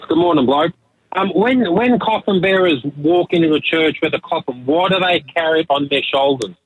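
Husky hesitant Australian male caller. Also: a little high, moderate pace, no room sound. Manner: hesitant, curious. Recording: husky phone line.

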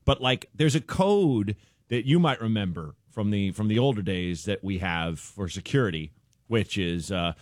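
Man, comedian guest, lively storyteller, dry studio sound. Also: low-pitched, normal speed, dry recording. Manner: animated, laughing storyteller. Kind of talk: storytelling on a radio show.

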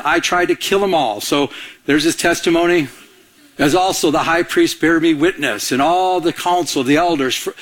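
A man preaching a sermon to a congregation, asking for amens and acting out the scripture he quotes. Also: fairly high pitch. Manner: animated preaching with audience call-outs and acted-out quotes. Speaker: pastor.

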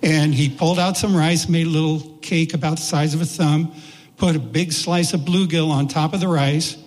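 A man telling a personal story in a folksy, unhurried way, voicing the people in it. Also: fairly high pitch, steady tone, darkish tone. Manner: folksy, unhurried, with voiced quotes. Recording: long hall reverb.

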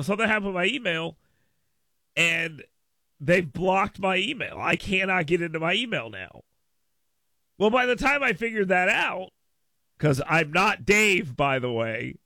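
A male radio host with a high, gravelly voice talking through his frustrations in a loose, rambling way. His tone is bright and pointed, and the studio mic sounds close and dry. He pokes fun at himself as he goes. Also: dry recording. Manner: exasperated, rambling, self-mocking. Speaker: radio talk show host. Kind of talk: casual talk radio monologue. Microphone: studio microphone.

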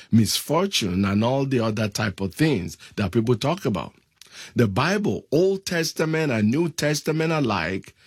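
A man preaching a sermon, reading scripture aloud in a slow, deliberate way. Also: medium pitch, husky, no echo, clean studio sound.

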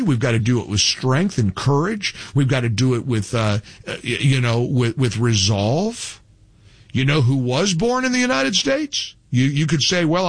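A man's voice: mid-range voice, no echo. A man hosting a talk radio show, speaking emphatically with scornful, repetitive insistence. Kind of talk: opinionated talk radio monologue.

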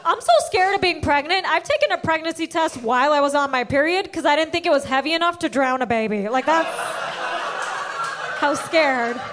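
A woman's voice: high-pitched, a little fast. A woman performing a stand-up comedy set, brash and crude, firing off self-mocking punchlines. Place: comedy stage before a laughing audience.

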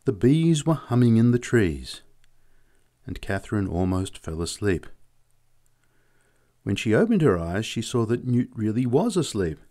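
Slow, low-voiced male audiobook narrator. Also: very animated, warm tone. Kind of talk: audiobook reading.

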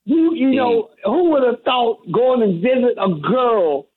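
High-voiced reverend on a tinny phone line. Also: male voice, lively intonation, measured pace. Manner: earnest, heavy-hearted, many restarts. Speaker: reverend and community advocate. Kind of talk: guest on call-in radio.

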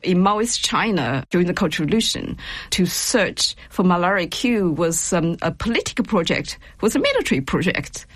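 A woman expert speaking in a deliberate, emphatic way in an interview clip. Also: lowish voice, big pitch swings, breathy edge, no room sound. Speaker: expert guest.

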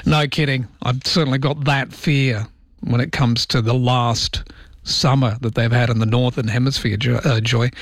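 A man's voice: medium pitch, steady tone, moderate pace, no echo. A man with an Australian accent hosting late-night talkback radio, joking his way through listener texts in a wry, chatty manner on a studio mic. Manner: wry, jokey, reads listener texts aloud. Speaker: radio host. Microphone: studio microphone.

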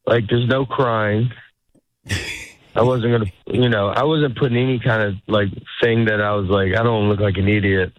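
A man's voice: on the low side, steady tone, moderate pace, highs cut off. A middle-aged man, a stand-up comedian, chatting casually in an interview, rambling and cutting himself off as he acts out little quoted lines.

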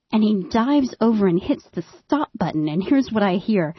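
A woman telling a first-person story, building suspense and dropping to hushed tones. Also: medium pitch, lively intonation, a little slow, breathy edge, dry recording, muffled recording.

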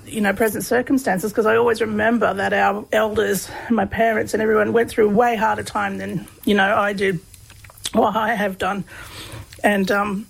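A woman's voice: medium pitch, creaky, slightly rough, low-quality recording. An Australian woman telling a personal story as an interview guest, chatty and laughing often as she talks. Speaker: guest, PhD researcher on humour.

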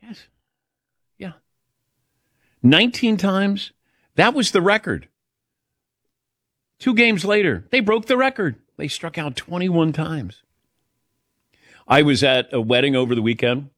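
Man, talk show host, storytelling, animated pitch, laughs a lot, dry studio. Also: unhurried, long pauses, no echo. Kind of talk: casual radio show chat.

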